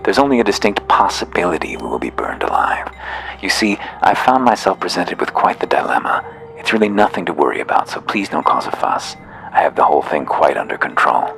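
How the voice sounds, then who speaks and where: A man voicing a nervous, fussy woman mayor who rambles in flustered politeness, pitched up from his own voice. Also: big pitch swings, fairly quick, gravelly, a bit bright, whispered, heavily acted.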